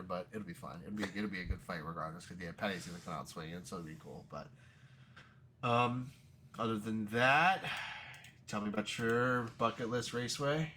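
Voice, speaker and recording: A man's voice: fairly low pitch, fairly quick, slight background noise. A young man co-hosting a podcast, chatting casually about sports, swearing freely and acting out quotes. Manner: animated storyteller, swears freely, acts out quotes. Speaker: podcast co-host.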